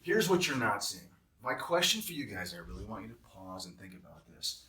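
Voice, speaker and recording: A travel nurse staffing recruiter with a lowish voice, big pitch swings, and a bright, forceful tone speaks briskly. He walks nurses through a job offer and gets heated and emphatic on the hourly pay, ranting as he explains. The audio has roomy echo from a distant mic.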